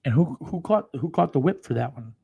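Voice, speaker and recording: A man preaching, who reads scripture slowly and solemnly, then breaks into crude, swearing commentary with loud outbursts. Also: on the high side, animated, creaky, husky, phone-quality sound. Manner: profane, swings between slow solemn reading and loud outbursts.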